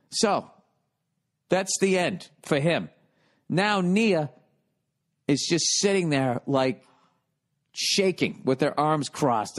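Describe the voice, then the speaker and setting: A man in his forties from the United States, hosting a podcast and telling a comic story in a profane, exasperated way that often turns loud and excited. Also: medium pitch. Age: 40s. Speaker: podcast host.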